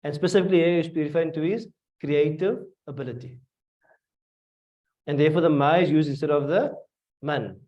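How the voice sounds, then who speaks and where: A man's voice: on the high side, a little fast, long pauses. A man with a South African accent teaching a class, asking his students questions and repeating phrases as he explains. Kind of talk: classroom tafsir lesson. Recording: dull lo-fi classroom recording from a distance.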